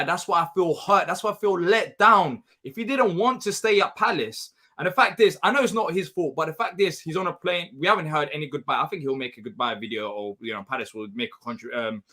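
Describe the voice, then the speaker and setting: Fast bright-voiced man, emotional and earnest. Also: on the high side. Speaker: co-host. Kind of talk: live fan reaction chat.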